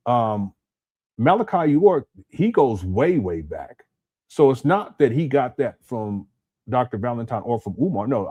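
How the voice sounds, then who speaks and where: A man's voice: medium pitch, mellow, slightly rough. A man hosting a casual live stream at home, rambling and repeating his words as he talks to his chat. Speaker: commentary channel host. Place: hot home room.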